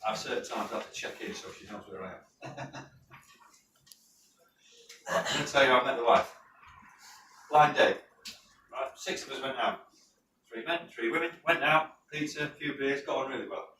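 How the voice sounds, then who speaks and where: His pitch is medium and his tone sharp: a man from the North of England leading a safety course, lecturing with anecdotes, chatting and testing the class with quick questions and a frequent "right?". The recording, made in a training classroom, is roomy, with a distant mic and faint noise.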